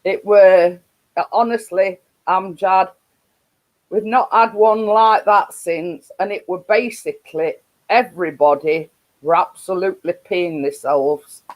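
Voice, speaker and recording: A woman's voice: lowish voice, a little slow, poor audio. A woman with a Yorkshire accent hosting a casual live stream, rambling with frequent laughs and restarts.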